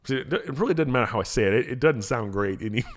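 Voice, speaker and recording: A man's voice: medium pitch, animated, quick pace. A man hosting a motivational podcast, talking casually with energy, often repeating himself and restarting phrases. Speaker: podcast host, motivational speaker.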